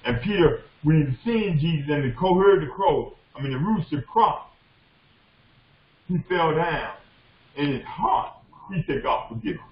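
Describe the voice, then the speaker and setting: A man's voice: a little high, lively intonation, measured pace. A man preaching a sermon as a bishop, impassioned and repetitive, often calling out to the congregation. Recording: echoey dull lo-fi room recording.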